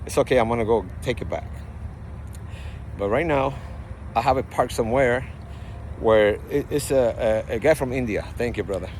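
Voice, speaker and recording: A man's voice: medium pitch, normal speed, long pauses. Puerto rican guy rambling into his phone in a parking lot, medium voice, a little traffic noise behind. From Puerto Rico. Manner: rambling, animated storytelling with frequent asides. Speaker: vlogger. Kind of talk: casual vlog talk. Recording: faint outdoor traffic noise.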